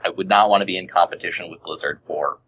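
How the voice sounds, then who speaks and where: Low-voiced man, rambling and casual. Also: fairly even intonation, fast talker, fairly bright tone, husky, low-quality recording. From Boston. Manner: rambling storyteller, lots of fillers and restarts. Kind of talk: casual podcast chat. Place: shared office.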